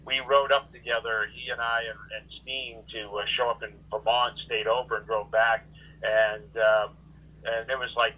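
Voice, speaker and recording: A man's voice: medium pitch, flat delivery, moderate pace. A male podcast guest in casual chat, talking hesitantly with many fillers as he recalls things. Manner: hesitant, many ums and uhs. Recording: phone-like call audio.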